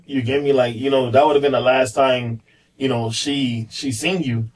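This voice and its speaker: A man's voice: mid-range voice, fairly even intonation, moderate pace, far from the mic, rough recording. A man on a podcast, candidly telling a personal story in a rambling way, full of fillers and repeats. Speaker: podcast guest, police officer.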